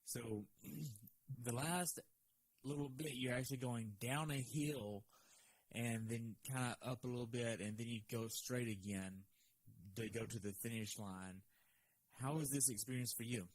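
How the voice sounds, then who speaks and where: A man's voice: medium pitch, steady tone, unhurried, no room sound, low-quality recording. A man hosting a podcast interview, asking long, detailed, meandering questions. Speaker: podcast host.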